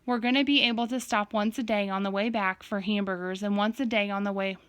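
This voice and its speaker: A woman's voice: medium pitch, fairly even intonation, a little fast, a bit bright, smooth, no room sound, lightly acted. A woman voicing an organized mother who reads out a trip plan in a matter-of-fact, instructing way. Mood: planning.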